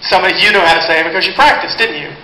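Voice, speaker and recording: A man's voice: high voice, very fast. A male performer joking and teasing with a live audience between songs, speaking into a stage microphone. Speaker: performer and bandleader. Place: live concert hall. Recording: echoey concert hall, loud crowd.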